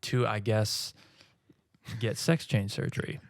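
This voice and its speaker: A man's voice: fairly low pitch, steady tone, slow, no room sound. Wry man joking on a dry mic. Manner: wry, joking reactions, many fillers. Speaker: podcast co-host. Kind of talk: casual movie-review chat.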